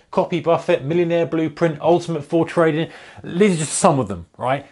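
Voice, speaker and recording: A man's voice: a little high, darkish tone. A man hosting a trading channel, talking casually to camera in a blunt, exasperated way.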